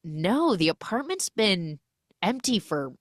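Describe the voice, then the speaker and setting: A woman's voice: medium pitch, big pitch swings, slow pace, no echo, clean studio sound. A woman voicing a chatty male real estate agent with a breezy, salesy manner, in a podcast recap.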